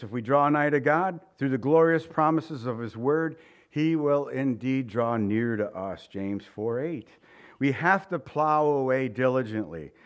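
Middle-aged pastor preaching in a joking, informal manner. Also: male voice, on the high side. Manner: informal and joking, with chuckles and asides. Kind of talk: conversational sermon.

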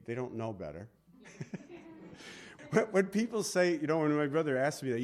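A man's voice: mid-range voice, very animated, moderate pace, pauses often. A male pastor preaching a sermon in a conversational, storytelling manner.

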